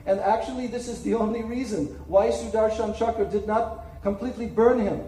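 A man tells a sacred story as a sermon, dramatically and with little checking asides. His voice is high and mellow. It is heard from a distance in a roomy, echoing space with faint ambience. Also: fairly quick. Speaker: spiritual speaker. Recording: echoey room, distant mic, faint ambience.

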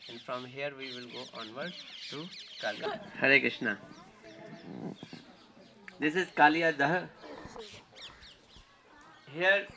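At pilgrimage sites, a man guiding visitors talks earnestly about faith, his voice a little high, pushed and bright. He often repeats phrases and searches for words, and a little hiss or hum sits under the recording.

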